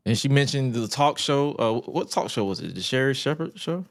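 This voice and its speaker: A podcast co-host in casual sports chat, telling stories in a joking, profane way and acting out quotes. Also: male voice, medium pitch, lively intonation, fairly quick, no echo, clean studio sound. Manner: storytelling, quotes others with acted asides, profane and joking.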